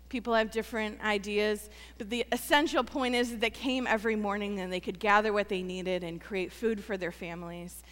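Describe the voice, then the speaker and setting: A woman pastor preaching a sermon, earnest and emphatic, repeating phrases for weight and then dropping to a soft, quiet close. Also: medium pitch, in a large hall.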